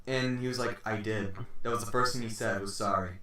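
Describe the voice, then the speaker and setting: A man's voice: fairly low pitch, steady tone, fairly quick, bright, forceful tone. A young man telling a long story on a podcast, rambling and swearing as he acts out what people said. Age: teens. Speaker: podcast host. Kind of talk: casual storytelling chat. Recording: echoey room, distant mic.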